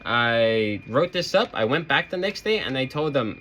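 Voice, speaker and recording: A man's voice: medium pitch, very animated, normal speed, few pauses, a bit bright, slight background noise. A man who works in a retail store, telling a story about his job in a sarcastic, rambling, aggrieved way. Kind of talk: casual storytelling to camera.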